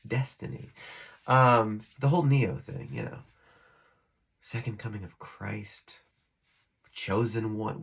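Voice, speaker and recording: Man, rambling giggly phone vlog, husky gravelly voice, restarts a lot. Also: mid-range voice, very animated, normal speed, fairly bright tone. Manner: rambling, giggly, restarts often, drifts between topics. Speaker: spiritual vlogger. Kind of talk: rambling monologue to camera. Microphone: phone camera.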